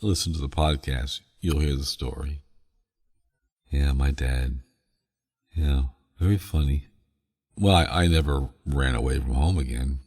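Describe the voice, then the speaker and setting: Very deep, husky male storyteller. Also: measured pace, pauses often, darkish tone, in a large hall. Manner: meandering, chuckling. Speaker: podcast host. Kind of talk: soothing sleep storytelling.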